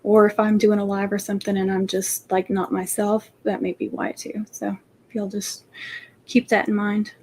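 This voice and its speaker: A woman hosting a craft livestream, chatting in a soft, rambling way. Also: medium pitch, level tone, moderate pace, a little hiss or hum, rough recording. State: emotional, near tears. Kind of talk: casual livestream chat.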